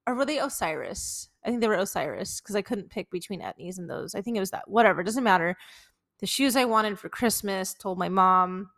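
A woman in her twenties co-hosts a podcast, chatting casually and telling embarrassing stories, laughing as she goes and saying "like" constantly. Her medium-pitched voice is expressive, fairly quick and a bit bright.

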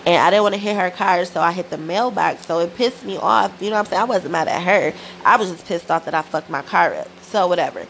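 A woman's voice: fairly low pitch, fast talker, vocal fry, few pauses, a little hiss or hum, poor audio. A woman podcast host telling a story in a casual monologue, full of slang and swearing. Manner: profane, animated storytelling with slang.

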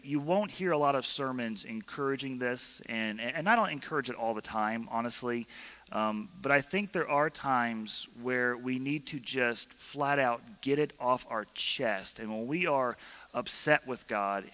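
A man's voice: medium pitch, bright, forceful tone, big-room sound. A male pastor giving a conversational sermon, often stammering and repeating words as he talks.

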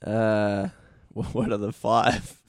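A man's voice: on the low side, flat delivery, takes it slowly, no room sound, studio quality. A man hosting an interview, asking curious questions in a casual, joking way.

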